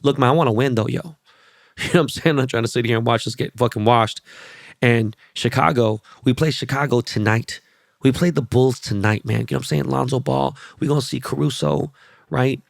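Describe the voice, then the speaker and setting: A man hosting his podcast, rambling through sports and celebrity stories with constant swearing and animated asides. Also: medium pitch, fairly quick, creaky, no echo, clean studio sound. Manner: profane, rambling, animated storytelling. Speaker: podcast host. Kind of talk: casual podcast monologue.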